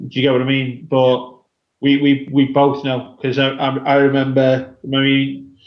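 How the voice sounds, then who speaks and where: Radio co-host, man, monotone and halting, dull echoey lo-fi sound. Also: medium pitch. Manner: halting, restarts a lot, calls the other host mate. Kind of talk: casual radio chat.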